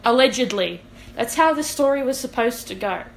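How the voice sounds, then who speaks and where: A woman's voice: a little high, moderate pace, vocal fry, low-quality recording. A young woman, a podcast co-host telling a long story in casual chat and acting out what people said. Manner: animated, acts out quoted dialogue.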